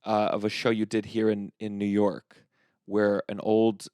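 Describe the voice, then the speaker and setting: A man hosting a podcast, asking questions in a halting, restarting way with a playful streak. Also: lowish voice, monotone, darkish tone, clear, resonant tone, no room sound, studio quality. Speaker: podcast host. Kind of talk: casual podcast interview.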